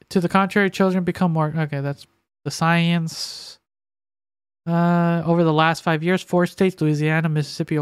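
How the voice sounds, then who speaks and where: A man co-hosting a casual podcast, reading news stories aloud haltingly, with frequent stumbles and filler sounds. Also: fairly high pitch, clear, resonant tone, dry recording, studio quality. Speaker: podcast co-host.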